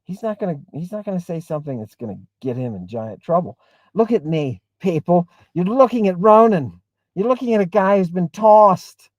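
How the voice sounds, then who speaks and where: A man's voice: high voice, expressive, moderate pace, no room sound, muffled recording. A man hosting a livestream, talking emphatically and in a rambling way, reading and answering viewer comments. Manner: emphatic, rambling, keeps asking "right?". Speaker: host. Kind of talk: livestream talk with chat.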